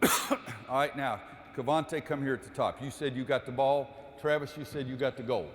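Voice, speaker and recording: Basketball coach in an echoey gym. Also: male voice, medium pitch, normal speed. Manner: calls out drill cues, then explains to the audience. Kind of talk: coaching clinic demonstration. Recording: echoey gym with long reverb.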